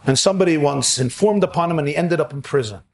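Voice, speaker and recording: A man giving a sermon with a storyteller's manner, earnest and slowing down to stress key phrases. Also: a little high, creaky. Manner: earnest, with slowed, stretched emphasis on key phrases.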